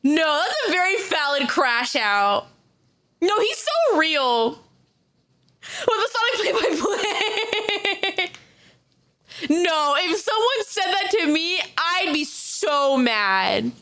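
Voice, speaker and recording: A young woman streaming live, chatting casually as she reacts to videos, excitable, laughing often and swearing freely. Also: extremely high pitch, slow. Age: young adult.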